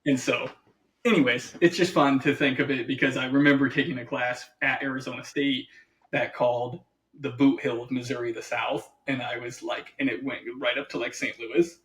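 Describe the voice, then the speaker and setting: A man co-hosting a podcast in casual chat, animated, acting out what other people say and laughing often. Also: mid-range voice, normal speed. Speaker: podcast co-host.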